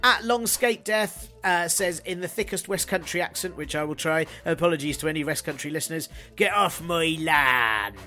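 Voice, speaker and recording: Uk guy doing his podcast, high-ish voice, deadpan sarcastic jokes, bit of music under it. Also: fairly quick, few pauses. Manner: sardonic, jokey asides. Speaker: podcast host. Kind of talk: scripted solo podcast segment.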